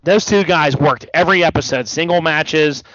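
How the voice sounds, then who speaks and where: Here a man's fairly high, fairly bright voice moves at a moderate pace through casual wrestling podcast chatter, captured in a dull, dry recording. As co-host he wanders, stalls and starts over many times, sounding a bit tired and yawning.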